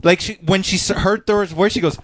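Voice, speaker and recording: A man's voice: sits high, fairly even intonation, a little fast, a bit bright, slight background noise. A man on a casual podcast, telling stories animatedly and swearing freely. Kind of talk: casual chat.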